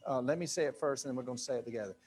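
A man's voice: medium pitch, racing, darkish tone, breathy edge. A male pastor preaching to a live congregation in a loose, conversational way, full of fillers and asides. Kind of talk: sermon. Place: church sanctuary with a live congregation.

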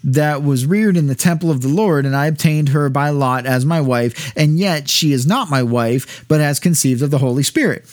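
A man reading aloud as an earnest betrothed man explaining himself, in a plain, quick voice. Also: a little high, dry recording, studio quality, natural voice.

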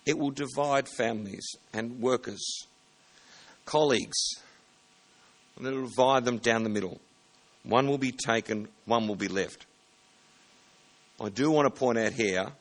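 Man preaching a relaxed sermon. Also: fairly low pitch. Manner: plain conversational preaching with self-corrections. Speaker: pastor.

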